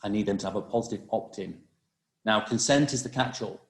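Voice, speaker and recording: A man presenting a webinar over a video call, talking quickly with many restarts and fillers. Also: lowish voice, reverberant. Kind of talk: live webinar talk on cybersecurity.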